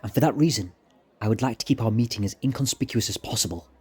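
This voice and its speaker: A man's voice: on the low side, quick pace, a little mellow, slightly rough. A man voicing a sly, charming male plotter with a raised, theatrical delivery. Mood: conspiratorial.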